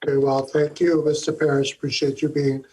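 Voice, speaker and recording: A man chairs a legislative hearing, calling up witnesses politely and pausing often on fillers. His voice sits a little high and has a husky edge. His manner is courteous and unhurried. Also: level tone, darkish tone, low-quality recording. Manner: courteous, hesitant, many fillers. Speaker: committee chair.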